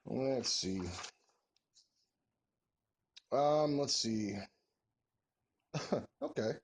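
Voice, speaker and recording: A man's voice: medium pitch, drawn-out words. A man in his forties chatting casually as a vlogger, answering follower questions in a joking, rambling, folksy way. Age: 40s. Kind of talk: casual Q&A chat.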